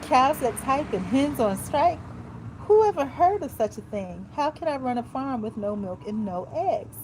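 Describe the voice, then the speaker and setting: A woman putting on an exasperated farmer from a children's storybook, who sounds indignant and makes demands. The voice stays mellow and only a little raised, with a faint hiss behind it. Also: on the high side, animated, normal speed, close to an everyday voice, poor audio. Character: exasperated grown man farmer.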